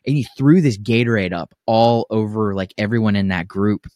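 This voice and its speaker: A young man co-hosts a casual podcast, spinning crude, animated stories and playing out every quote himself. His voice sits on the lower side and comes through dry and close, with no room sound. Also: normal speed, no echo. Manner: profane, animated storytelling with acted-out quotes. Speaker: podcast co-host. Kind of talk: casual storytelling chat.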